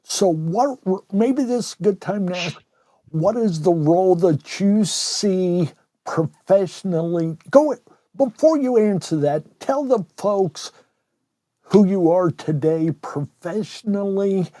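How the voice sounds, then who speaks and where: A male podcast host asking slow, reflective questions in a conversational interview. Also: high voice, expressive, warm tone, no echo.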